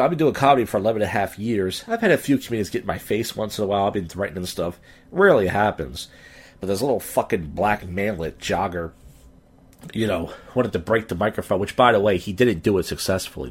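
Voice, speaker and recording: A man in his thirties, drunk, hosting his podcast with a profane, rambling story that jumps up in pitch when he rants. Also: husky. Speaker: podcast host and stand-up comic. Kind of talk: casual rambling podcast monologue.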